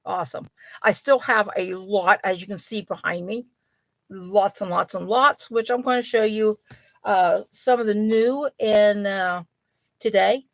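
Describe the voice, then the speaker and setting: Slow, gravelly-voiced woman chatting casually. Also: medium pitch, no room sound. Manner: chatty, rambling, many ums and apologies. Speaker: host of a yarn and crochet channel. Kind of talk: casual live chat. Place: home.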